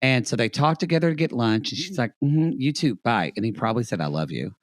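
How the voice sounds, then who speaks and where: A man co-hosting a podcast, chatting casually through a recap and acting out quotes in high put-on voices. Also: very animated, fast, no echo, clean studio sound. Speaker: podcast co-host.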